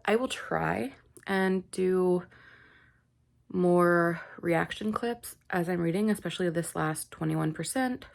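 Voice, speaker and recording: A woman's voice: fairly low pitch, slow, creaky. A young woman chatting in a casual reading vlog, gushing and laughing often as she talks about what she's reading. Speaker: book vlogger.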